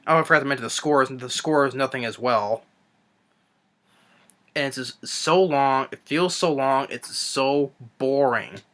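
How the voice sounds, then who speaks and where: Young man, movie rant, exasperated, stumbling restarts, bright forceful voice. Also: medium pitch. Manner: exasperated, halting, many restarts. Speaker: movie reviewer. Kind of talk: ranting movie review.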